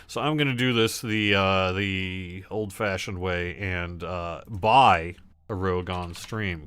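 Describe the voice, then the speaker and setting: A man's voice: low-pitched, takes it slowly, a bit bright, clear, resonant tone. A man hosting a casual gaming livestream, chatting loosely and answering viewer questions as he plays. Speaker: livestream host.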